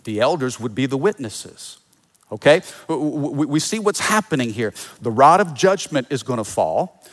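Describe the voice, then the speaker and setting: A man's voice: mid-range voice, animated, normal speed. A male pastor preaching a sermon in a conversational way, with restarts and asides to the congregation.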